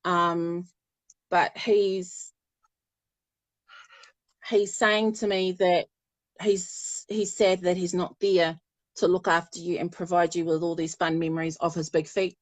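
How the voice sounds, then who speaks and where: A woman's voice: lowish voice, flat delivery, slow, long pauses, no room sound. A woman giving a live psychic reading, chatty and affectionate, often laughing. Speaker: spiritual medium.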